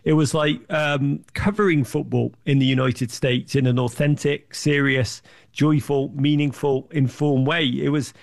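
A man, an interview guest, telling lively anecdotes with lots of restarts and fillers. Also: medium pitch, creaky. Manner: enthusiastic storyteller, quick restarts and fillers. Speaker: interview guest, sports media founder. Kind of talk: animated anecdotal interview talk.

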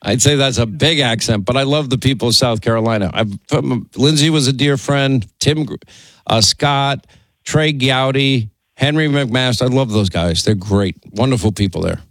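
A man's voice: mid-range voice, fairly bright tone, no room sound. Chatty male talk radio host. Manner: rapid, stammering restarts, chatty. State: tired after a long week. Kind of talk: casual call-in chat.

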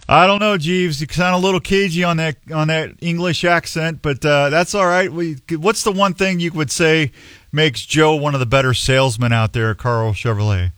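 A man's voice: on the high side, normal speed, a bit bright, smooth, no room sound. A man hosting a talk radio show, chatting casually in a joking, self-deprecating, rambling way.

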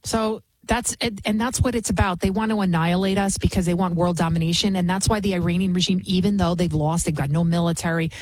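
A woman from the United States hosting a political commentary show, speaking emphatically and often repeating herself for effect. Her voice has a husky grain to it. The sound is dry and close, with no room around it. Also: lowish voice, fairly even intonation, quick pace, hardly any pauses, a little mellow, no echo, poor audio. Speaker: talk show host.

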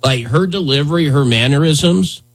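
A man's voice: a little high, moderate pace. A male radio host talking casually in a rambling, conversational way with lots of fillers. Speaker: radio talk show host. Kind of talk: casual talk radio chat.

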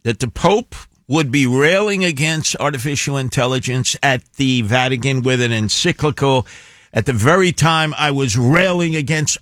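A man's voice: mid-range voice, a bit bright, no room sound. Wry male talk radio host, dry studio. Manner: chatty, wry, quick asides. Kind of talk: casual talk radio banter. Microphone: studio microphone.

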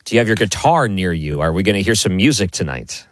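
A man's voice: sits low, very animated, fast. A man hosting a late-night radio talk show, chatting in a friendly way and sometimes stumbling over his words. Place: home basement office.

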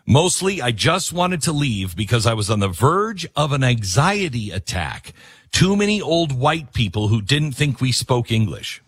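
Sarcastic husky-voiced male commentator. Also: mid-range voice, a little slow, dry recording. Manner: sarcastic, acts out quotes in animated voices. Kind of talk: casual news commentary.

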